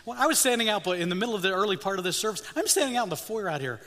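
An older man preaching a sermon as a missionary, animated and humorous, leading the congregation in call-and-response. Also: sits high, very fast. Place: church sanctuary. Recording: long reverb of a church hall.

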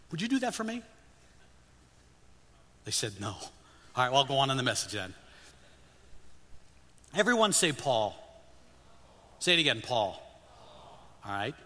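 An older man preaching a sermon as a missionary, animated and humorous, leading the congregation in call-and-response. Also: fairly high pitch. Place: church sanctuary. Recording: long reverb of a church hall.

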